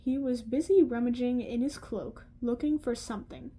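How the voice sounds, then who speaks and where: A woman reading a novel aloud slowly and carefully, with some slips. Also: fairly high pitch, dark tone, poor audio. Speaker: audiobook reader.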